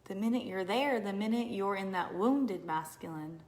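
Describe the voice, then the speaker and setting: Animated woman hyping her live viewers. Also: mid-range voice, normal speed. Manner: animated, hyped, shifting between whispers and loud exclamations. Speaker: business coach. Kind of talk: casual live stream talk to viewers. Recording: roomy echo.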